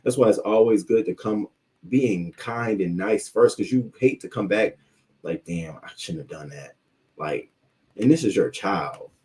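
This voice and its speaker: Low, dark-voiced man ranting profanely. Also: unhurried. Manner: heated, profane ranting with many restarts. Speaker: livestream news commentary host. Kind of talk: unscripted commentary while reading live chat.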